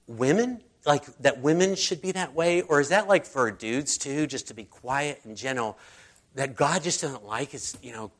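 A man preaching a casual sermon, telling personal stories in a chatty, conversational way and acting out the people he quotes. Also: medium pitch. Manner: chatty storyteller, acts out quoted voices. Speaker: pastor.

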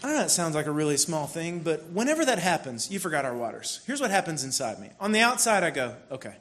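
A fast-talking pastor with a high voice preaches a sermon in a relaxed, chatty style, telling a family story with occasional bursts of playful frustration. Even when he drops low, his voice remains high.

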